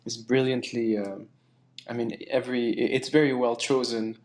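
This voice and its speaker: A man's voice: mid-range voice, level tone, moderate pace, darkish tone. A man taking part in a casual spiritual discussion, speaking earnestly with many restarts and fillers. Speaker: guest participant.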